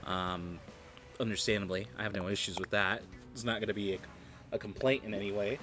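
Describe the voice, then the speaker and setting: A man's voice: on the low side, steady tone, brisk, over music. A man streaming a game, giving casual, rambling commentary and joking with his viewers.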